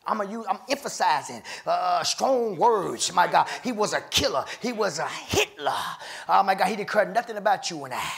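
A man preaching in a church with a high, gravelly voice. He preaches with fervent rhythm, laughs between phrases and climbs into shouts. His sermon rolls along with repeated refrains. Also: animated, normal speed. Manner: fervent call-and-response preaching, breaks into laughs, swells to shouts. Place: church sanctuary.

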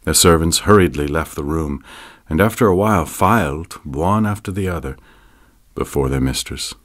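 Male audiobook narrator, very deep voice, measured scripted delivery.

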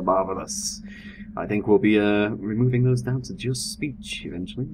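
A young man giving chatty, excitable let's-play commentary. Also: fairly low pitch, normal speed. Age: young adult. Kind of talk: gameplay commentary. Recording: steady background noise.

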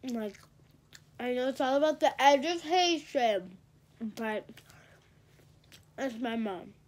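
A woman's voice: high-pitched, animated, slow pace. A teenage girl rambling and gossiping in a casual vlog, a bit congested and talking while she eats in bed. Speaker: vlogger.

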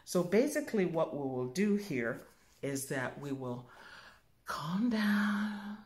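A woman spiritual teacher giving a calm demonstration, musing aloud and humming softly as she thinks. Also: sits low. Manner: slow, musing, thinks aloud with soft hums.

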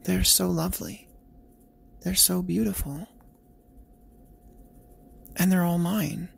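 A little girl full of wonder, spoken slowly by a man reading in his own voice. The delivery is husky and gravelly, with a flat, even lilt. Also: sits high, exaggerated voice. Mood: delighted. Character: young girl, delighted kindergartner seeing fairies.

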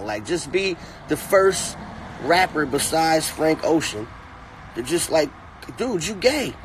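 A man's voice: a little high, a little hiss or hum. A man giving a profane, mocking comedic rant, talking from inside a car. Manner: mocking, animated, repetitive. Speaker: comedic commentator.

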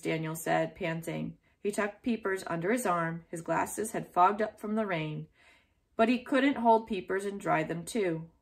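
A woman reading a children's chapter book aloud in a clear, steady storytelling way. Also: on the low side, moderate pace.

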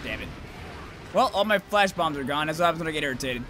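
A young man commentating his own gameplay, rambling to himself and cursing loudly at the monsters. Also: on the high side, animated, fast talker, a little hiss or hum. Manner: profane, rambling, yells at monsters.

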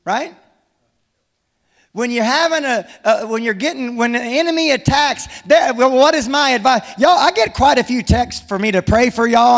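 A man preaches with a strikingly high voice, mixing jokes with firm urging. His sermon rings through a large hall with a long reverb tail. He sounds animated and direct. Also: creaky. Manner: animated, humorous, exhorting. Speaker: pastor.

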